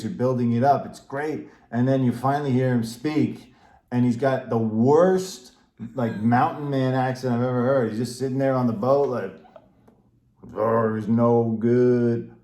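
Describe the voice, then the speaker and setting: A man co-hosting a film podcast, giving his opinions at length with jokes along the way. His voice sits in the middle range. The room adds a clear echo around him. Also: mid-range voice, dark tone. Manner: opinionated, rambling, jokey. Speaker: podcast co-host. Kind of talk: casual film review chat. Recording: roomy echo.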